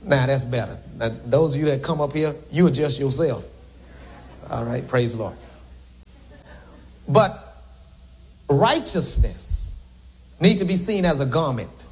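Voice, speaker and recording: A man's voice: medium pitch, lively intonation, measured pace, pauses often. A man preaching a sermon to a congregation from the pulpit, with joking asides to the crowd. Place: church sanctuary.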